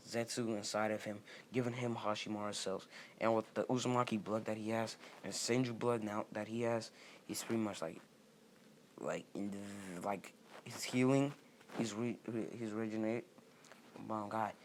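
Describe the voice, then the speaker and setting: A man's voice: on the low side, a little hiss or hum. A young man telling a fan story off the cuff, rambling with many fillers and restarting sentences. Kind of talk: casual unscripted storytelling.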